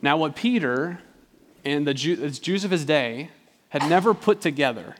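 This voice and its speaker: A man preaching a sermon in a conversational way, repeating words as he talks and slowing down to read scripture aloud. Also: fairly high pitch, expressive. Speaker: pastor. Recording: long hall reverb.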